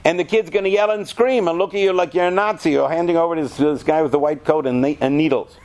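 A male teacher speaking to a room of students in an animated, conversational way. His voice sits slightly high, and he keeps stopping to quiz the class. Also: fast, hardly any pauses. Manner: animated, asks the class questions. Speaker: yeshiva teacher. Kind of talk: lecture to students.

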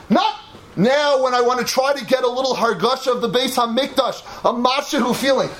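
High-pitched animated man preaching. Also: fairly quick, a little hiss or hum. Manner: animated, rising to shouts, mixing Yiddish and Hebrew terms. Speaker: rabbi giving a Torah talk. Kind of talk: animated sermon.

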